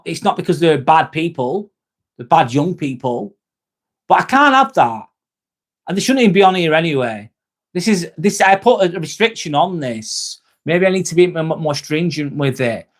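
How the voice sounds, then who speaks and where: A man's voice: on the high side, animated, moderate pace. A man hosting a live stream, reading viewer comments and giving earnest advice, often repeating himself. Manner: earnest, repeats himself, calls people mate. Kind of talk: casual live-stream chat.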